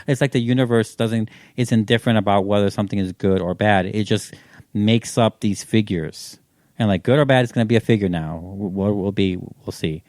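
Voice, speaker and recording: A man with a somewhat low voice chats loosely on a podcast. He rambles and leans on fillers as he thinks aloud. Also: a little fast, darkish tone, dry recording, studio quality. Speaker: podcast co-host. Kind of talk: casual chat.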